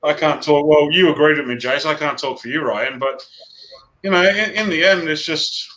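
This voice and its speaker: A middle-aged Australian man co-hosting a casual chat show, talking in an animated, rambling, blunt way. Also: fairly high pitch, normal speed, rough recording. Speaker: co-host.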